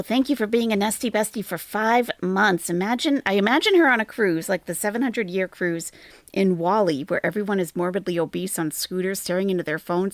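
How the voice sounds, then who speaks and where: This woman hosts a reaction channel and talks over clips in a lively, sing-song way. Her remarks are sarcastic and mocking. She sounds close and completely dry, with no room in the sound. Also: mid-range voice, no room sound. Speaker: commentary channel host. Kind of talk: reaction commentary.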